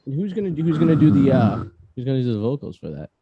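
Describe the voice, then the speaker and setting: A man's voice: mid-range voice, sing-song, rapid-fire, breathy edge, dull audio. A man with a Boston accent hosting a casual podcast interview, cracking self-mocking jokes. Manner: joking, self-mocking banter. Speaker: podcast host.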